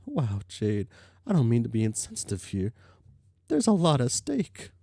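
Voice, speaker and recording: A man's voice: medium pitch, wildly swooping pitch, normal speed, creaky, mellow, slightly rough, no room sound, clean studio sound, pitched below the performer's own voice, heavily acted. A man voicing an earnest young woman who patiently coaxes and reasons with a grieving friend while reading a webcomic aloud. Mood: firm. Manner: patient, coaxing.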